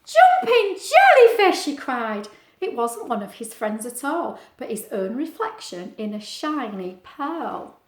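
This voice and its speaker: A woman teacher reads a picture book aloud to children at home, chatting and asking them questions along the way. Her voice is fairly high and sounds reverberant.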